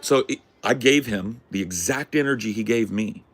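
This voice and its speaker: Lowish-voiced man telling a profane story. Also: normal speed. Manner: profane, animated, rambling. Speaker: podcast host. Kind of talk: casual storytelling.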